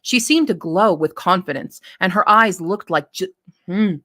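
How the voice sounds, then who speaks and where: A woman reading her own story draft aloud, pausing to redo lines as she goes. Her voice sits on the low side and her delivery is casual. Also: sharp tone.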